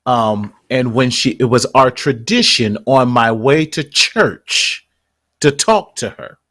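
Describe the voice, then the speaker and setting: A man's voice: medium pitch, slow, fairly bright tone. A man hosting a talk show, telling family stories with heartfelt, church-flavored phrasing and often repeating words as he talks. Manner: heartfelt storytelling, repeats words when moved; church-style phrasing, leads prayers. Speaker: host. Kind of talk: casual chat.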